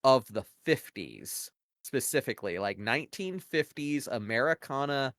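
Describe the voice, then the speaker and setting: A man's voice: mid-range voice, expressive, normal speed, fairly bright tone, no echo. A man co-hosting a podcast, talking casually and at length, arguing his opinions with many "like" and "you know" fillers. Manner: rambling, heavy use of "like" and "you know" fillers; opinionated, argues points at length. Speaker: podcast co-host. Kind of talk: casual conversational analysis.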